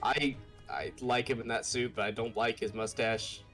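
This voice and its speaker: A man co-playing on a live stream, chatting casually in a jokey, easily excited way. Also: mid-range voice, moderate pace, soft background music. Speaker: co-player on stream.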